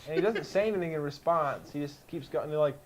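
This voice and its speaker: Animated young man retelling a show. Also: fairly high pitch, fast talker. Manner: animated retelling with silly voices and sound effects. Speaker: podcast co-host. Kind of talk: casual chat, recapping a show.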